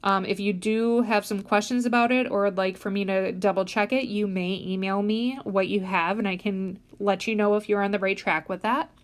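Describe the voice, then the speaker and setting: A woman's voice: medium pitch, steady tone, normal speed, few pauses. A woman instructor giving a recorded statistics lecture, explaining step by step with frequent "um" fillers and stressing key words.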